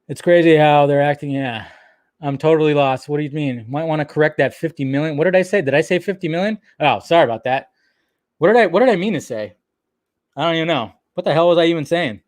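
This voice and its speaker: A man hosting a live stream, ranting in an excitable way. He swears often and laughs at himself. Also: fairly high pitch, quick pace.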